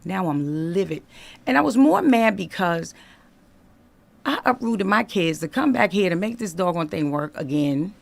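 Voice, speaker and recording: A woman telling her life story as a podcast guest, in an animated, conversational way that acts out the dialogue. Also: lowish voice, normal speed, vocal fry. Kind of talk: candid storytelling in a podcast interview.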